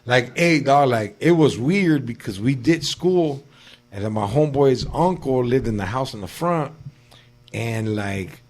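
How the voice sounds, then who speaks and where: A man's voice: mid-range voice, animated, measured pace. A man telling a crude story in casual chat, rambling and slangy, full of fillers. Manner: slangy, rambling, heavy with fillers like dog and fool.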